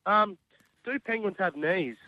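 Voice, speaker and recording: A man's voice: sits high, expressive, unhurried, no echo. A man with an Australian accent calling a radio show, laid-back and plain-spoken. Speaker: caller. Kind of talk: phone-in question. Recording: dull phone line.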